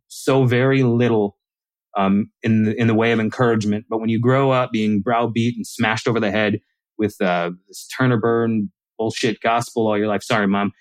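A man's voice: mid-range voice, no room sound, poor audio. A man as an author guest in a casual conversation, telling stories animatedly and acting out quoted lines.

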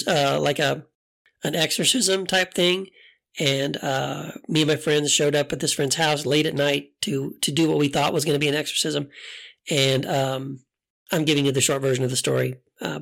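Gravelly-voiced middle-aged man musing aloud. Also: fairly high pitch, fairly bright tone. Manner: hesitant, with many restarts and fillers; candid storyteller. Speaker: podcast host. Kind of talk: casual reflective monologue.

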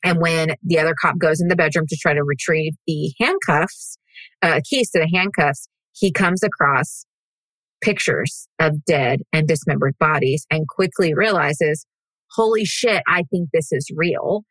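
A woman's voice: sits low, measured pace, a bit bright, dry recording, low-quality recording. A woman hosting a podcast, telling a true-crime story in a casual, blunt and profane way. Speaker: podcast host.

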